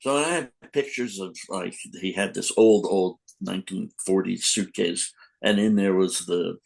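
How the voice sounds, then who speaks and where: A man's voice: low voice, a little slow, creaky, low-quality recording. An older man, a comic book editor, telling rambling anecdotes in a casual podcast interview, acting out quotes.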